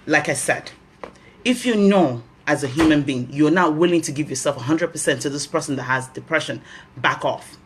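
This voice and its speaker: A woman's voice: low-pitched, normal speed, slight background noise. A woman with a Nigerian accent hosting a health talk, giving earnest advice and repeating key phrases for emphasis.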